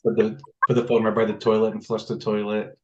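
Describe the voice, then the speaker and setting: A man's voice: lowish voice, completely flat delivery, fast, muffled recording, noisy background. A man hosting a casual group discussion, telling jokey stories and asking for questions. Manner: joking storyteller. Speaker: notary meetup host.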